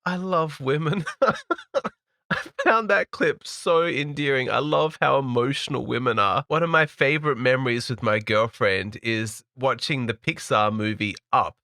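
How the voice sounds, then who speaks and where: A man calmly lecturing as he comments on a reaction clip. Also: medium pitch, dry recording, clean studio sound. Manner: measured, lecturing.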